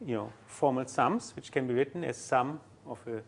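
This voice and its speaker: A man giving a university mathematics lecture, halting often with fillers and restarts as he works through a proof. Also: medium pitch, gravelly, a little hiss or hum. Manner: halting, many fillers and restarts while writing.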